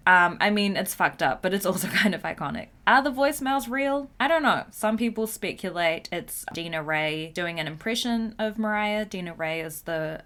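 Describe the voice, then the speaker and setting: Giggly, low-pitched woman gossiping casually. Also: a bit bright. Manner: chatty, giggly, swears casually. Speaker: host. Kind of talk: casual pop-culture commentary.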